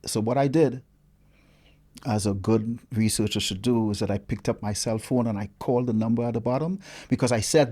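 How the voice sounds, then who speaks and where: A man, a guest researcher telling a story in a casual interview with lively, dramatic delivery. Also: mid-range voice, a little fast.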